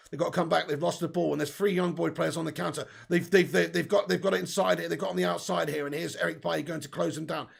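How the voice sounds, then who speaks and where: A man hosting a live football watch-along, commenting excitedly and reading out viewer messages. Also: fairly high pitch, creaky, slightly rough. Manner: excitable, casual, swears, reads out viewer messages.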